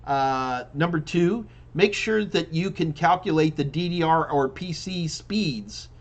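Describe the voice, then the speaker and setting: A man's voice: a little high, a little slow. Chatty man hosting a live tech Q&A. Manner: loose and chatty, with frequent restarts and fillers. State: yawning repeatedly. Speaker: live Q&A host and IT trainer. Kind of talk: casual live-stream Q&A, reading viewer questions.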